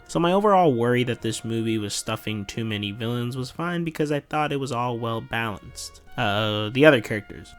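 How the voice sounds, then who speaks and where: A man giving a casual, chatty film review full of slang, with faint music playing behind him. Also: fairly low pitch. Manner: slangy, laid-back and chatty.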